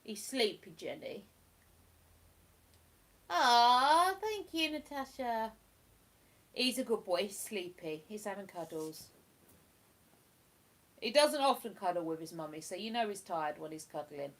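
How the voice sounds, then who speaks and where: A woman from England hosting a casual livestream chat, rambling and cooing softly to her dog between remarks. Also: medium pitch, lively intonation, unhurried, pauses often. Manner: chatty, drops to soft cooing baby talk with her dog. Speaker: livestream host.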